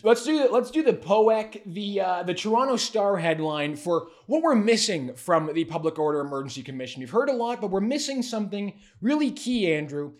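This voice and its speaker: A man with a notably high voice talks through political news in a casual commentary show. His tone is sarcastic and mocking, and he delivers it with lively energy. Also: normal speed, few pauses.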